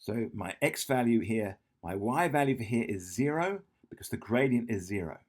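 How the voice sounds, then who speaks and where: A man's voice: mid-range voice, lively intonation, moderate pace. A man tutoring math, walking through an exam question while he draws, thinking aloud, correcting himself and checking in with "yeah?". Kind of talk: whiteboard exam walkthrough.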